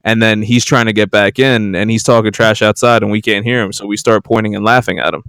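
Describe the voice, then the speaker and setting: Low, smooth-voiced man in casual chat. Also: steady tone, brisk, a bit bright, no echo, clean studio sound. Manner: hesitant with fillers, joking.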